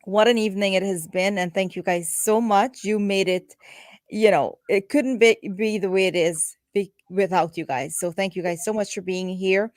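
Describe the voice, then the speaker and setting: A woman's voice: mid-range voice, steady tone, moderate pace, a little mellow, no room sound, clean studio sound. A woman hosting a talk show, thanking her guests in a loose, chatty way with frequent restarts. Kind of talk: casual on-air chat with guests.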